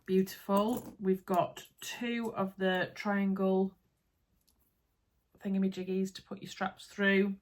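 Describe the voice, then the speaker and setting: A woman with a Yorkshire accent, chatting casually to camera in her home sewing room while unboxing supplies, bubbly and easily excited. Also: medium pitch, slow. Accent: Yorkshire English. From Yorkshire, England. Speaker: sewing vlogger.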